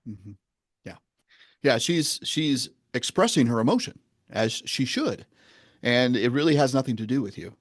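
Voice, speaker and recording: A man with a middle-pitched voice talks like a coach laying out a lesson, measured and earnest, slowing down to press his points. The recording is close and dry, with no room sound around him. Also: no echo. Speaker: men's coach and guest. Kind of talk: podcast interview, teaching.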